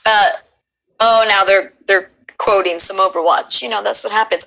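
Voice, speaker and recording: A woman from Colombia hosting a casual live stream, chatting to her guest and to the chat with quick asides. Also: mid-range voice, steady tone, gravelly, bright, forceful tone, poor audio. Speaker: streamer host.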